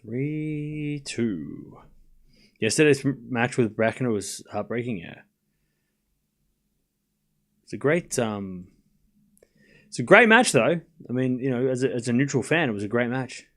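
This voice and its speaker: A man's voice: mid-range voice, normal speed, long pauses. Casual man calling tennis on a stream. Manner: casual, chats with viewers between points. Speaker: livestream host. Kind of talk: live tennis watchalong commentary.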